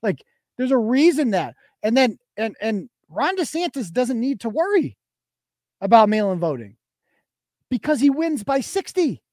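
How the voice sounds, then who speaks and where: A man's voice: very high voice, sing-song, measured pace, a little mellow, no echo, studio quality. A man hosting a live show, delivering a heated, profanity-laced political rant and restarting his sentences as he goes. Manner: heated, swearing constantly, restarts mid-sentence.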